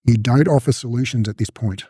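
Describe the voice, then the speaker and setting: A man's voice: medium pitch, a little fast, mellow, slightly rough, no echo. Man, instructor, casual lesson, acts out dialogue, dry close sound. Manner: conversational, acts out client and coach exchanges.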